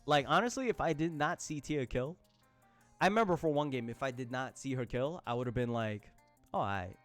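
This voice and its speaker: A man streaming live, chatting casually with his viewers, laughing often and breaking into loud outbursts. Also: mid-range voice, brisk, soft background music. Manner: addresses chat as y'all, slangy.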